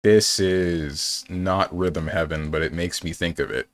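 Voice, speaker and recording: Low-voiced young man chatting on stream. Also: steady tone, unhurried, no room sound. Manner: rambling, thinking aloud, playful. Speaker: game streamer. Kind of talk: casual live-stream chat.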